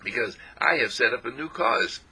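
A man giving an inspirational radio talk, animated and playful, repeating affirmations. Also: mid-range voice, moderate pace, husky. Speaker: spiritual radio speaker.

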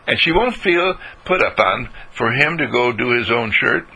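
A man's voice: medium pitch, expressive, moderate pace, vocal fry, hardly any pauses, sharp tone, husky, rough recording. An older man giving a folksy moral talk, acting out little everyday scenes as he goes. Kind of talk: storytelling lecture.

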